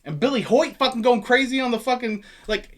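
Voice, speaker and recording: A man co-hosting a casual movie chat, excitable and swearing heavily. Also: very high-pitched, brisk. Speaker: podcast co-host.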